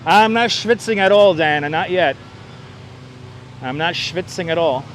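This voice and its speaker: A man with a fairly high voice chats casually while walking outdoors. He thanks viewers and tosses off jokey asides into a wireless clip-on mic. Faint city traffic hums in the background. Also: measured pace. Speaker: livestreamer. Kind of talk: casual live vlog chat. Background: traffic and city ambience.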